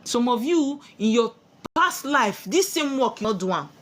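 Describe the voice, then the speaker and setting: A woman's voice: on the high side, lively intonation, normal speed. A woman with a Nigerian accent giving a spiritual sermon, preachy and full of rhetorical questions she answers herself. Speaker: spiritual teacher.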